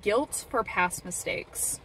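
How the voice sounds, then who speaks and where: A woman's voice: mid-range voice, animated, slow, bright, forceful tone, a little hiss or hum. A woman vlogging in an earnest, heartfelt way, encouraging her viewers and repeating words for emphasis. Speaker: vlogger, parent. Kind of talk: earnest personal talk to camera. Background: faint rain.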